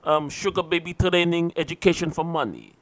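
A man voicing a quiet, halting newcomer who talks in broken grammar with a put-on foreign accent. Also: fairly high pitch, fairly even intonation, close to an everyday voice. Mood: deadpan.

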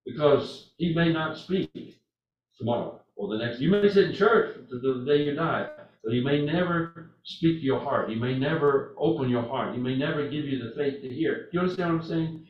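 A man's voice: a little high, moderate pace. Earnest older man preaching in echoey hall. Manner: earnest and repetitive, with lively storytelling. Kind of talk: sermon. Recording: echoey hall from far off, dull.

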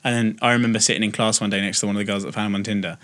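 A man's voice: on the low side, fairly even intonation, rapid-fire, a bit bright. This is a young man in casual podcast chat. He teases his co-host and swears freely. His talk is loose and full of laughter. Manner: crude, teasing and laughing.

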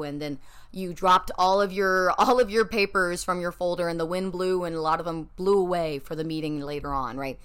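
A young woman hosting her own podcast, talking straight to her listeners in a playful, animated monologue. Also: lowish voice. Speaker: podcast host.

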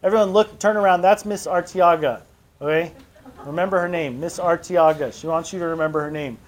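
Man, school staff, informal introduction with fillers, slightly high voice. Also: a little fast. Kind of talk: introduction at an assembly.

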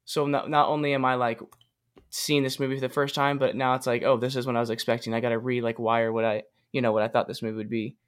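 A man co-hosting a casual podcast movie discussion, talking haltingly with many ums and restarts. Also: mid-range voice, little pitch movement, clean tone. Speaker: podcast co-host.

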